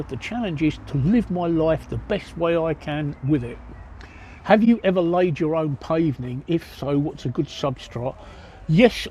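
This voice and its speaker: An older man with an English accent chats bluntly and jokily with his viewers, his voice sitting a little high yet mellow and dark. He talks into a phone outdoors, with faint street noise behind him. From England. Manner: blunt, joking, matter-of-fact. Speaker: livestreamer answering viewer chat. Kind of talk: casual chat Q&A. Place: outdoors by a pub. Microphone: cell phone.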